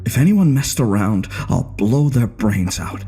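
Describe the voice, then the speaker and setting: A man's voice: fairly low pitch, very animated, unhurried, dark tone, soft background music. A man voicing a bitter, sneering male gunman who taunts his hostages in a horror story narration. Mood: threatening. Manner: mocking, swaggering taunts.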